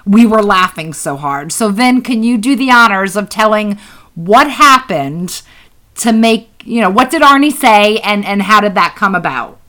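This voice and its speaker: A woman's voice: medium pitch, lively intonation, a little slow, pushed and bright, low-quality recording. A woman co-hosting a podcast, telling stories in casual chat, laughing often and swearing freely. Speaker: podcast co-host.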